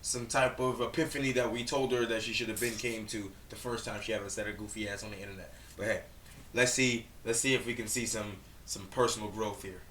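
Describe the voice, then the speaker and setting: A man's voice: lowish voice, fairly even intonation, a little fast. A man co-hosting a reaction channel, giving blunt, profane, heated commentary. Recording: echoey room, distant mic, faint noise.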